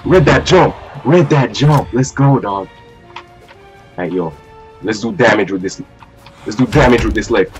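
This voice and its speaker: A man's voice: on the low side, a little slow, pauses often. A young man giving live commentary while playing a ranked fighting game, swearing, trash-talking and repeating his phrases. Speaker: gamer. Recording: faint game music behind.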